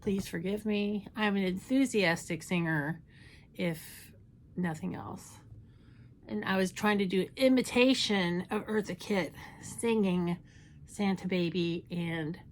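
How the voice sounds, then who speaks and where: A woman's voice: mid-range voice, slow, slight background noise. A woman chatting casually through a makeup tutorial, playful and self-mocking. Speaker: makeup YouTuber.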